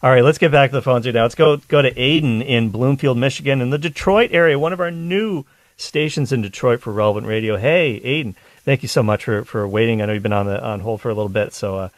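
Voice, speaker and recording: A man's voice: mid-range voice, fast, dry recording. A man hosting a talk radio show, chatting enthusiastically between calls. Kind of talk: casual talk radio chat.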